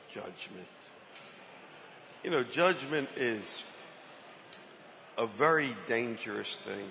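A man preaches in a loose, conversational way, tossing questions out to the people in front of him. His voice is gravelly but bright, and he talks slowly. The sound rings with a long hall reverb, with faint room ambience underneath. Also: medium pitch, slight background noise. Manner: questions the congregation, playful. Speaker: preacher on a panel. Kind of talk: conversational sermon.

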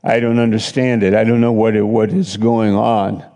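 A man's voice: on the low side, level tone, normal speed, mellow, big-room sound. A middle-aged man preaching a sermon, telling stories in a conversational way and acting out other people's lines. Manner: conversational storytelling preacher, voices others in quotes. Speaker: pastor.

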